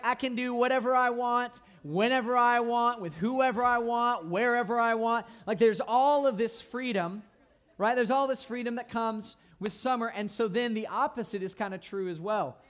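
Playful, high-voiced young man preaching. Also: normal speed. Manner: animated, playful, asks the crowd "right?" often. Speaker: youth pastor. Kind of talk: youth sermon.

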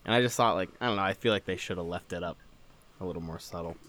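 A man's voice: sits low, racing, fairly bright tone. A man chatting casually on a podcast, rambling with lots of filler words as he critiques a show. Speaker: podcast co-host.

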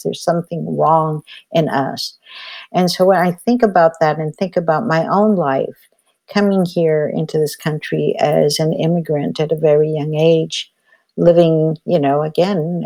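A woman's voice: low-pitched, dark tone. An older woman, a healer and elder, telling a personal story in a reflective, conversational way with frequent "you know" fillers.

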